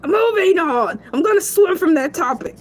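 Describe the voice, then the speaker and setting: A woman's voice: very high-pitched, lively intonation, moderate pace. A woman voicing a goofy, rambling male shark celebrity who giggles and stretches his words out in a comedic monologue. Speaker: show guest.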